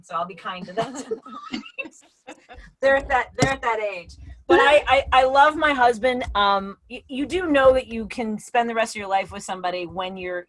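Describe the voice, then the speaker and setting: A woman's voice: on the high side, a bit bright. A woman in her forties doing a brash, self-mocking stand-up set over a video call from home. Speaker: stand-up comedian. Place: home, before a green screen.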